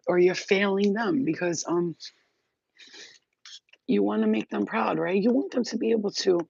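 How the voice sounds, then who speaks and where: Rambling, gravelly woman with a spiritual talk. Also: on the low side, muffled recording, slight background noise. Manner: rambling, profane, streetwise. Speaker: spiritual healer host.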